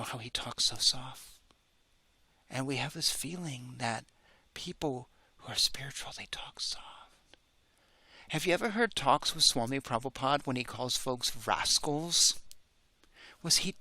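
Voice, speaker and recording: Candid, rambling man with a bright voice. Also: mid-range voice, moderate pace, dry recording. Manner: candid, rambling, with frequent restarts and fillers. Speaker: host. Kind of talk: casual reaction commentary.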